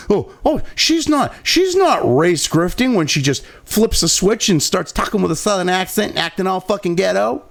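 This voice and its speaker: A high-pitched man with a gravelly edge to his voice and wild swings in pitch. He reads news copy aloud, trips over words and restarts, then breaks off into foul-mouthed, mocking rants. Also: lively intonation, normal speed, few pauses. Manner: profane and mocking, with frequent outbursts; stumbles and restarts while reading aloud. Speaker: political commentary host. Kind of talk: ranting commentary over a read-aloud article.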